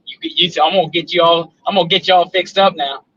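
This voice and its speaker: A man's voice: fairly high pitch, steady tone, fast talker, a bit bright, no room sound, lo-fi sound. A man with a Southern accent calling in to a live sports show, talking in a folksy, teasing drawl. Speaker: caller. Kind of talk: casual call-in banter.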